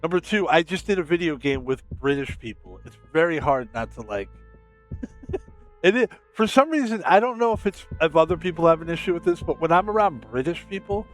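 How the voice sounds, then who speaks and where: American male streamer, casual rambling self-promoter, a bit high-voiced. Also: animated, moderate pace, soft background music. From United States.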